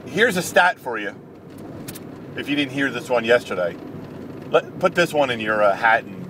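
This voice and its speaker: A man's voice: mid-range voice, lively intonation, moderate pace, background noise. A man angrily ranting as a vlogger in sports commentary, emphatic and repetitive, recorded outdoors. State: angry. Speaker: video blogger.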